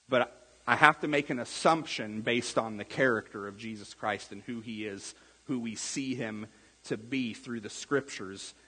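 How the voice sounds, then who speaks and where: A man with a slightly husky voice gives a relaxed, chatty sermon, slipping into little acted-out quotes as he goes. His voice rings with the long reverb of a church hall. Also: medium pitch. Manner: casual, conversational, acts out quotes. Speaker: pastor.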